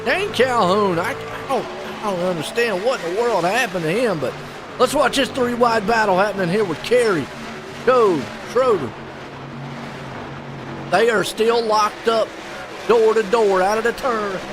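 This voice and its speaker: A man calling a live sim race play-by-play, excitable and folksy. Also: high-pitched, unhurried, noisy background. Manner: excitable, folksy, puzzled asides. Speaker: race commentator.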